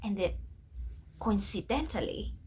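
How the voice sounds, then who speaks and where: A woman's voice: medium pitch, expressive, unhurried, darkish tone, a little hiss or hum. A young adult woman vlogger telling a story to camera in a casual, emphatic way, with religious exclamations.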